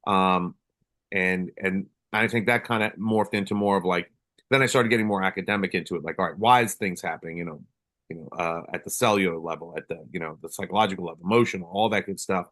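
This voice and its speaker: Low-voiced man, candid storytelling host. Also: quick pace, a bit bright. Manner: candid, storytelling, with casual swearing. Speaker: podcast host, police officer. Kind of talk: casual conversation.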